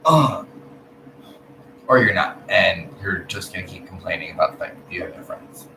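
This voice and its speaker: A man giving a casual, profane spiritual rant, blunt and animated, swinging between loud outbursts and low mutters. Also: fairly quick, gravelly. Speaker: vlogger. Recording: echoey room with background noise.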